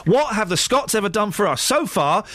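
A man hosting a radio phone-in with a fairly high voice. His pitch swings widely as he jokes and teases. The talk is casual and playful. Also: moderate pace, no room sound. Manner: lively, jokey, teasing. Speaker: radio show host.

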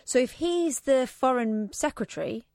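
A woman's voice: sits high, animated, moderate pace, darkish tone, no echo, clean studio sound. A woman co-hosting a late-night radio show, chatting wryly with laughing asides. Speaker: radio co-host. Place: radio studio.

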